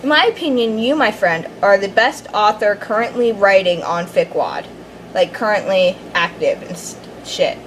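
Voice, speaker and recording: Animated and at a moderate pace, this young woman's mid-range voice comes through a rough recording with slight background noise. She gushes hyperactively over fan fiction in a casual video review, rambling and fangirling with plenty of fillers and restarts.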